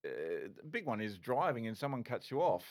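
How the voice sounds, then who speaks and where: A man's voice: medium pitch, sing-song, a little fast. A middle-aged man, a former police officer, telling his story candidly as a podcast guest, swearing and restarting often.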